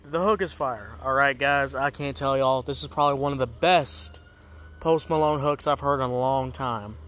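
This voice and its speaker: A man's voice: mid-range voice, moderate pace, fairly bright tone. A man hosting a casual comedic music review show, rambling and joking in a laid-back way.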